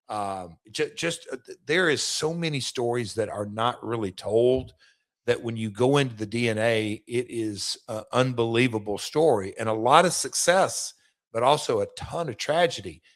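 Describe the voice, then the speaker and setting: A middle-aged man tells stories on his podcast in a loose, rambling flow. He stammers and restarts his sentences often. His voice sits at an ordinary middle pitch. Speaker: podcast host, former wrestler. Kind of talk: casual storytelling chat.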